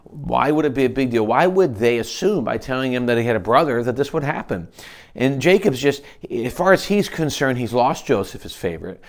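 A man's voice: mid-range voice, expressive, a little fast. A man preaching. He reads scripture aloud and then explains it in a conversational way, often restarting his sentences. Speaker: pastor. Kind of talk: expository Bible teaching.

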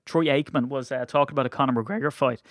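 A man's voice: medium pitch, fairly even intonation, quick pace, dry recording, clean studio sound. An Irish man hosting a podcast, chatting casually and teasing his co-host with jokes. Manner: joking, teasing banter. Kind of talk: casual chat.

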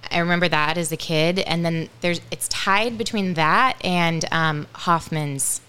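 A woman's voice: fairly low pitch, unhurried, sharp tone, clear, resonant tone. A woman chatting casually on a sports show, recalling a childhood memory with hesitant starts. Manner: hesitant, many fillers and restarts. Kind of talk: casual chat.

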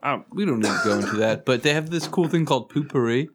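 A man's voice: mid-range voice, expressive, fast, noisy background. A man in casual podcast chat, rambling through crude anecdotes with plenty of fillers.

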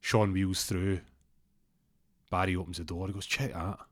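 A man's voice: deep voice, normal speed, dry recording. Scottish man telling a story. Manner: rambling, animated, acts out characters. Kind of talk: casual comic storytelling.

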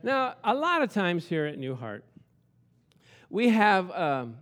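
A male pastor preaching a sermon, animated and storytelling, at times shouting. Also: sits high, slow.

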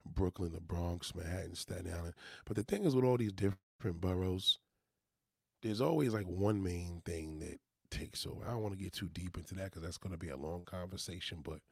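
His voice sits low, with a creaky, darkish tone, captured in studio quality without echo. He's a New York City vlogger with a matching accent, talking casually to viewers in a rambling, profane monologue sprinkled with motivation.

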